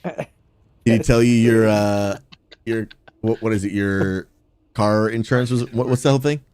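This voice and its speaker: A man with a somewhat low voice chats with friends while playing a game, often breaking into laughter. He calls out plays with eager energy into a gaming mic. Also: fairly even intonation, normal speed, a little mellow, smooth, no room sound. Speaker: gaming streamer and pastor. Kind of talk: casual gaming chat with friends.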